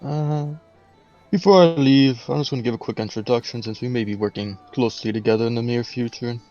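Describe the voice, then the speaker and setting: A man playing a tabletop game, speaking in character in a matter-of-fact, brisk way. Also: medium pitch, fairly even intonation, mellow, muffled recording, soft background music. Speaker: player.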